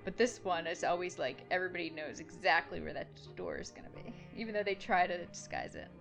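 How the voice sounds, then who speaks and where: A woman's voice: lowish voice, very animated, a little fast, vocal fry, fairly bright tone, faint music behind. A woman in a casual chat, enthusiastic and rambling, restarting her sentences. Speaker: podcast co-host.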